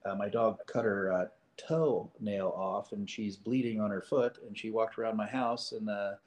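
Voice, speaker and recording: A man's voice: on the low side, fairly even intonation, moderate pace, darkish tone, roomy sound. A man co-hosting a podcast, rambling hesitantly through a long story with many fillers. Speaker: podcast co-host. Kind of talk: casual chat.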